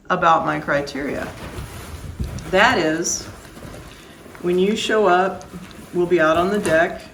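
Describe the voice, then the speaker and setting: Woman dog breeder, lowish voice, firm and emphatic, casual vlog, faint room noise behind. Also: poor audio. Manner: firm, plain-spoken, emphatic.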